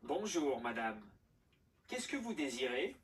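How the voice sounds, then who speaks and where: A man playing a courteous speaker in a scripted language-course dialogue, speaking slowly and deliberately. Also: mid-range voice, sing-song, slight background noise. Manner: slow, polite, deliberate. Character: courteous man greeting and waiting on customers. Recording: audio played from a distance.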